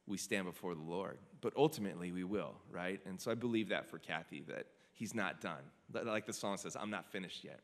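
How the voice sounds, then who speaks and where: Earnest deep-voiced man in reverberant hall. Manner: earnest, conversational, asks the audience questions. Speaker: singer-songwriter sharing a song's story. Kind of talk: casual storytelling to a studio audience.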